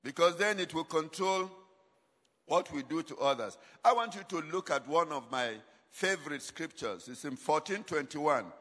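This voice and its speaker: Male preacher, high bright voice, call-and-response sermon in a long-reverb hall. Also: expressive, normal speed. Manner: call-and-response questions to congregation; emphatic, dramatic shifts in volume.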